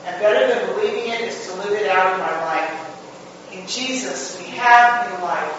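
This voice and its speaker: A woman's voice: medium pitch, moderate pace, a bit bright, close to an everyday voice. A woman performing a first-person dramatic monologue as a grieving sister, telling it in an earnest, heartfelt way. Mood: joyful. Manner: earnest, heartfelt storytelling with emotional swings. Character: grieving adult woman, a sister recalling her brother's return. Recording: echoey hall from far off, dull, faint hum.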